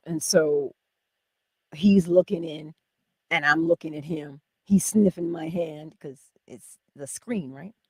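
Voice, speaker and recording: A woman hosting a morning inspiration livestream, chatting casually and warmly about spiritual ideas. She laughs often and drops into whispers to stress her points. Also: low-pitched, no room sound, clean studio sound. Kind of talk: casual spiritual pep talk.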